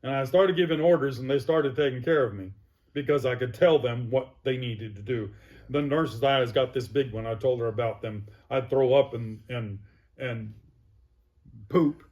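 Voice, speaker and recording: A man's voice: mid-range voice, normal speed, darkish tone, lo-fi sound. Man telling a plainspoken story. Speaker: guest. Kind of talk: personal recovery story.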